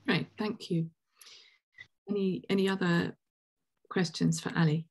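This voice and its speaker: A woman's voice: on the low side, steady tone, unhurried, gravelly, breathy edge. A woman hosting and chairing a Q&A at an online science seminar, talking with many ums and restarts over a video call. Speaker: session chair and host.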